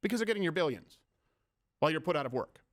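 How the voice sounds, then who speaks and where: A man hosting a political comedy show, ranting sarcastically in rapid-fire rhetorical questions. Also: on the high side, animated. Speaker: host.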